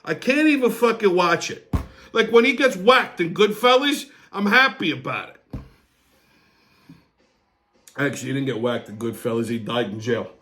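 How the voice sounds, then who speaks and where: Loud, crude, high-voiced ranting man. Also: animated, moderate pace, long pauses. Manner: loud, crude, angry ranting, often shouting. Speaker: host of a weekly wrap-up show. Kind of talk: profane rant and casual show segments.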